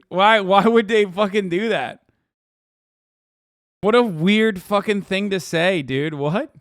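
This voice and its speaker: A man in his thirties reacting on a livestream, incredulous and profane, with loud outbursts. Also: high voice, slow pace, no room sound, clean studio sound. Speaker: streamer reacting to clips.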